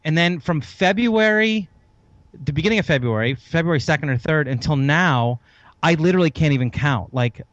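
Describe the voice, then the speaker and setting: A man's voice: fairly high pitch, expressive, normal speed, fairly bright tone, no room sound, highs cut off. A man guesting on a podcast interview, enthusiastic and long-winded, rambling through his story. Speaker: podcast guest, host of another show.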